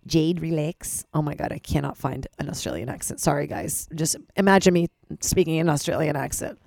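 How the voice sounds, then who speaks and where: A young adult woman hosting a podcast speaks a little fast in a low, creaky, darkish voice, somewhat worn since she's slightly lost it. Based in Los Angeles, she rambles through a candid, self-deprecating personal monologue with casual swearing, recorded dry at studio quality.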